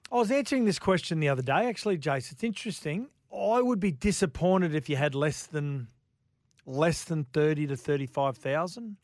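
Enthusiastic Australian sports radio co-host. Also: male voice, fairly high pitch, animated, moderate pace, darkish tone, no echo, clean studio sound. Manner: enthusiastic, talks in long explanatory runs with restarts. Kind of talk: casual radio sports analysis.

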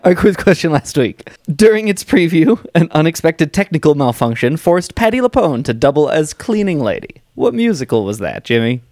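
A man co-hosts a casual podcast, upbeat and quick to laugh. His voice sits fairly high and moves a lot in pitch. The sound is close and dry. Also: very animated, a little mellow, dry recording. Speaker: podcast co-host. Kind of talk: casual chat.

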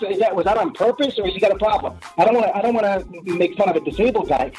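Loud sarcastic jersey guy ranting, higher husky voice, faint music under it. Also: racing, hardly any pauses, low-quality recording. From New Jersey. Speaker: fantasy baseball guest. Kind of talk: radio-style banter.

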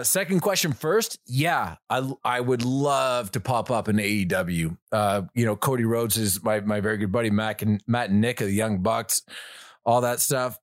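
A man chatting as a guest on a podcast, telling stories with lots of energy and a loose, profane style. His voice sits at a middle pitch. He often restarts his sentences. The sound is dry and close to the mic. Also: no echo. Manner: animated storyteller, swears freely, frequent restarts. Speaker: actor guest. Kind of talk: casual podcast chat.

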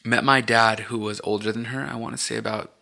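A man co-hosting a podcast, telling his own life story in a halting, reflective way with many fillers. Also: mid-range voice, little pitch movement, creaky, pushed and bright. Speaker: podcast co-host. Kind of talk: candid personal storytelling.

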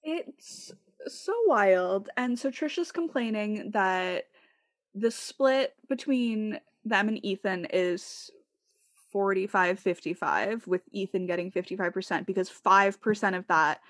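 A woman's voice: medium pitch, takes it slowly, dry recording, studio quality. A young woman co-hosting a podcast, chatting casually and animatedly, swearing and mimicking other people. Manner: animated, swearing, quoting others in mock voices. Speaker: podcast co-host. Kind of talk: casual gossip chat.

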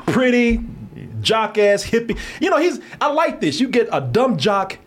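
A man's voice: extremely high pitch, very animated, measured pace. A man, co-hosting a casual comedic chat and riffing loosely with plenty of profanity. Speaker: co-host.

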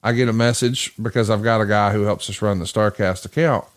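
This podcast host talks a little fast in a fairly low voice, telling a story in casual chat. He swears freely and animatedly acts out the voices of the people he quotes.

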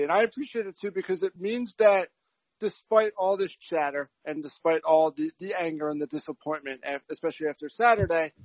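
Higher-voiced man, emphatic sports analysis. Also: no room sound, low-quality recording. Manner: emphatic, opinionated analysis with stats. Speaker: podcast co-host. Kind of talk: casual sports chat.

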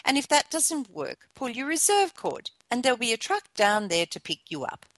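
A woman voicing a reassuring male skydiving instructor in a told joke, brisk and breezy. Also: a little high, very animated, fairly bright tone, dry recording, voice pushed up.

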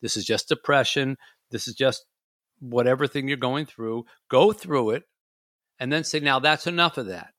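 A man's voice: medium pitch, moderate pace, no echo, studio quality. A man hosting a casual talk show, chatting and acting out his own inner voice. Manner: animated, acts out his inner voice. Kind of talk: casual chat.

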